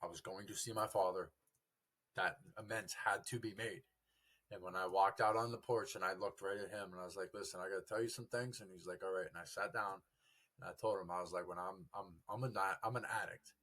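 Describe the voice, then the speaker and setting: A young man, a podcast guest, telling his recovery story in an earnest, halting way. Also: low-pitched, fairly even intonation, fairly bright tone. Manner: earnest, halting, quotes family dialogue.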